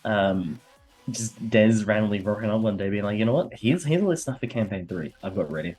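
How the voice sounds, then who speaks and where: A man co-hosting a livestream as a player, with a sore throat, talking quietly and close to the mic. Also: lowish voice, animated, fairly quick, breathy edge, soft background music. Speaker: co-host and player. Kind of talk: casual livestream chat.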